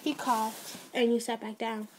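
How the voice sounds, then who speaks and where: A woman's voice: fairly high pitch, level tone, measured pace, slight background noise. A woman narrating an ASMR fan story in a casual way, with restarts and side notes.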